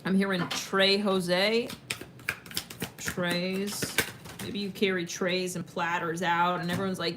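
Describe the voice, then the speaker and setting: A woman's voice: mid-range voice, unhurried, background noise. Chatty woman doing a tarot reading. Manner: chatty, rambling, full of fillers and sudden laughs. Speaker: tarot reader. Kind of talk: casual tarot reading to camera.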